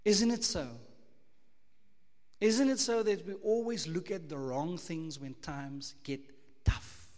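High-voiced South African preacher. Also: male voice, takes it slowly, long reverb tail. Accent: South African English. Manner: emphatic, rhetorical questions, shifts between loud and hushed. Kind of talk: sermon.

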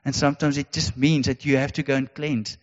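A man's voice: mid-range voice, level tone, brisk. A man preaching a sermon, earnest and repetitive, with emphatic rhetorical questions. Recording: dull sound in a reverberant hall.

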